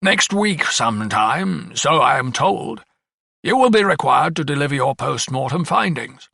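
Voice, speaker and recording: A man doing a slow grave old coroner, bright crisp voice. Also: fairly high pitch, expressive, no room sound, clean studio sound, pitched above the performer's own voice, heavily acted.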